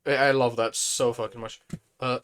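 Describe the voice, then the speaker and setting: A man with a hoarse, fading voice, chatting casually on a live stream as he plays a building game and thinks aloud. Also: mid-range voice, little pitch movement, normal speed, fairly bright tone, slight background noise.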